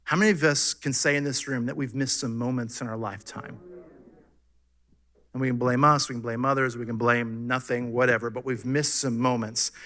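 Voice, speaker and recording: Bright-voiced animated pastor. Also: male voice, medium pitch, brisk. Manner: animated preaching with rhetorical questions. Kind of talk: sermon. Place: church sanctuary.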